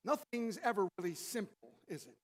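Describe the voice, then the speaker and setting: A man preaching a sermon in a relaxed, joking, conversational way, reading scripture and acting out the people in it. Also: high voice, normal speed. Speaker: pastor. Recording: echoey hall with long reverb.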